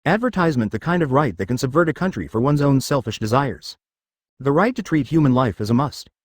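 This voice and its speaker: A male narrator reads a story at a brisk clip. His pitch rises and falls freely, and the sound is close and dry with no room around it. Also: animated, no room sound.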